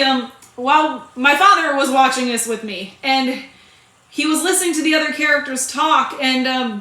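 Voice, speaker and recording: A woman's voice: high-pitched, pushed and bright. A woman giving a casual spoken movie review, chatty and rambling, often restarting her sentences and laughing. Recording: echoey room.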